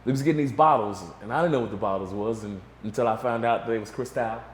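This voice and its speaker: A man's voice: medium pitch, quick pace, a little hiss or hum. A middle-aged man recounting a story as a guest in an interview, acting out the voices of others as he goes. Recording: echoey room with faint ambience.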